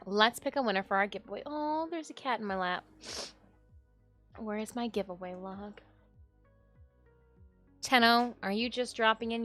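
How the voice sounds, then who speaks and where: A woman's voice: medium pitch, fairly bright tone. A woman in her thirties, a streamer in casual, playful chat with her viewers and her cat. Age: 30s. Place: home streaming room. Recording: dry close sound with music under it.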